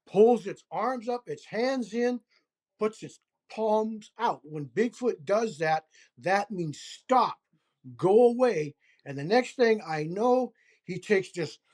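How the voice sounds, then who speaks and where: A man telling his own story as an interview guest, animated and emphatic, with pauses and fillers. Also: sits high. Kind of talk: first-person storytelling.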